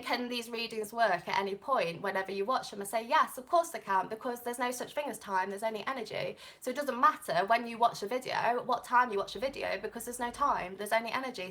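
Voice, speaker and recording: A woman's voice: on the high side, a bit bright. A young Englishwoman with an English accent reading tarot on a live stream, chatting and rambling off on tangents. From England. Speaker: tarot reader.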